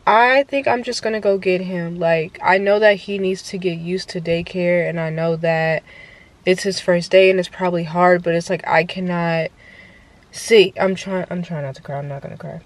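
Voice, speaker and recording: Chatty mom vlogger. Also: female voice, lowish voice, steady tone, unhurried, rough recording. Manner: chatty, peppered with "like" and "y'all". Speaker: vlogger and mother. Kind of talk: casual vlog chat.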